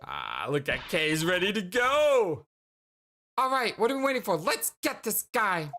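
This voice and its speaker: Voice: medium pitch, a little slow, soft background music, full character voice. A game streamer voicing a brash, eager young woman in a raised, bouncy voice. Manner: bouncy, excited.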